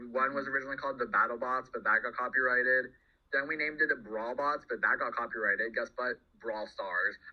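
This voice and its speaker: A man's voice: medium pitch, fairly quick, dull audio. A man, a game developer, hosting a casual Q&A. He rambles, restarts his sentences and laughs often.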